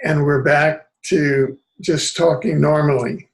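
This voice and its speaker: A male host interviewing a guest over a video call, asking halting questions. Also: fairly high pitch, steady tone, creaky, rough recording.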